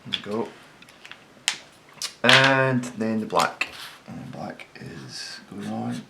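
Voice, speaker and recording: A man with a low, gravelly voice talks through his sketch in a relaxed way, thinking aloud and catching his own slips. He sometimes drops to a mutter while he works. A steady hiss of noise sits under the recording. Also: takes it slowly. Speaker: designer sketching on camera. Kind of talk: casual commentary while sketching.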